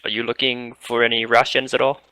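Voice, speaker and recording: A man's voice: mid-range voice, flat delivery, brisk, pushed and bright, clean tone, no echo, rough recording. A man playing a tabletop game, addressing a stranger in a mock-polite manner. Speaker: player. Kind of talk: tabletop role-play.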